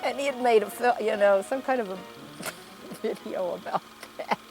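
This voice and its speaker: A woman's voice: a little high, moderate pace, darkish tone, faint music behind, rough recording. An older woman, a mother, recalling a family moment in an interview, amused and laughing as she tells it. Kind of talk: interview recollection.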